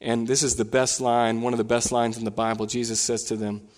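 A male pastor delivering a sermon in a church sanctuary, with a voice of middle pitch. He preaches with animation, swelling higher and louder when he retells a scene. A long reverb trails each phrase. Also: flat delivery, brisk, hardly any pauses.

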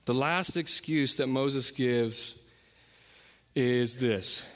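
A man preaching a sermon as pastor, earnest, often dropping to a soft, intense voice on key points. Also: mid-range voice, extremely slow, big-room sound.

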